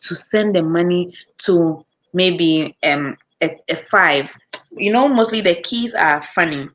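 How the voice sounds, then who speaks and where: Answering viewer comments casually, this Ghanaian vlogger, who works in customer service, speaks Ghanaian English in a lower voice. Her storytelling is lively, packed with quick voice switches and laughter as she impersonates customers.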